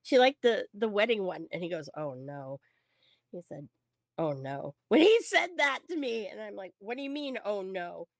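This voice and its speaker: A woman's voice: mid-range voice, a little fast, creaky, hardly any pauses, dry recording. A woman on a podcast telling a story in a loose, profane way, acting out the voices of the people in it. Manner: animated, swears freely, acts out quotes. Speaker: podcast co-host.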